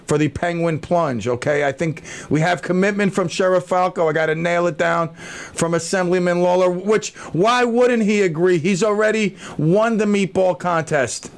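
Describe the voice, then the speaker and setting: A man hosting a local radio talk show, rambling animatedly through a story. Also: sits high.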